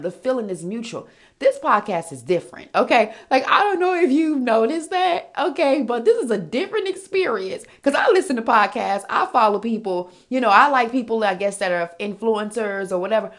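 A woman's voice: fairly high pitch, fairly quick. Sassy, candid woman podcast host. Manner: candid, animated, sassy, addresses listeners as girl and honey. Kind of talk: casual motivational monologue.

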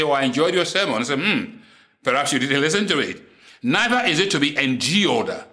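A man preaching a sermon in English, which is not his first language. He is deliberate and repeats key lines for emphasis. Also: on the high side, sharp tone.

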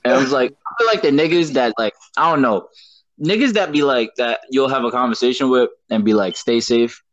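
A man's voice: mid-range voice, fairly quick, no room sound, dull audio. Young Brooklyn man telling stories, dry. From Brooklyn, New York. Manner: animated, laughing, slangy storyteller. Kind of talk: casual storytelling chat.

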